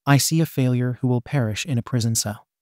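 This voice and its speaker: A man's voice: medium pitch, fast talker, no room sound, clean studio sound, close to an everyday voice. A man voicing a stern, proud older male hero who coldly dismisses his son in a fan fiction reading. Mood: dismissive. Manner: cold, dismissive, harsh.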